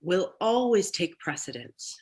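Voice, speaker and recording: A woman speaking candidly as a therapy client, talking in a halting, reflective way with many restarts, over a video call. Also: lowish voice, sing-song, a little mellow, breathy edge, rough recording. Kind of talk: candid personal talk.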